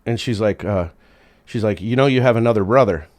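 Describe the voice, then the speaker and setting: A man's voice: lowish voice, a little fast, a little mellow. A man, a podcast guest, telling a story in casual chat, swearing freely and acting out what people said to him. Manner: profane, laid-back, acts out quotes.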